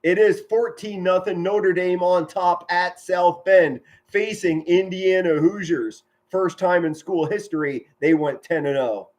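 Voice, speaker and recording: A middle-aged man giving excited live football play-by-play from home, shouting big plays and chatting warmly with his viewers. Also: high-pitched, a little slow, few pauses. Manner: enthusiastic, yells touchdown calls, chatty and sentimental with viewers. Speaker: amateur play-by-play commentator streaming live.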